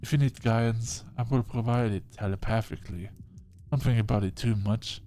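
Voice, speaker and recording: An actor playing a wise, dryly encouraging ancient male vampire mentor in a game, speaking in a measured way. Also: mid-range voice, steady tone, warm tone, a little hiss or hum, lightly acted.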